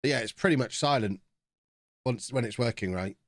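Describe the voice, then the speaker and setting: A man's voice: mid-range voice, brisk, no echo, studio quality. Chatty man streaming a game. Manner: chatty, reacting to the game as it plays. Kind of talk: casual live-stream chat.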